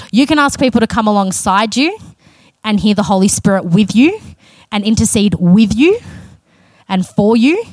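A woman's voice: medium pitch, a little mellow, dry recording. A woman preaching a sermon in an earnest, conversational way, with casual self-aware asides.

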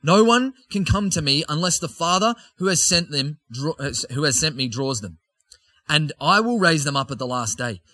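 Jesus, read aloud by a preacher. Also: male voice, on the high side, lively intonation, normal speed, bright, forceful tone, dry recording. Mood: emphatic teaching. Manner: reads scripture aloud with raised, emphatic delivery. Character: Jesus, a man teaching a crowd with authority.

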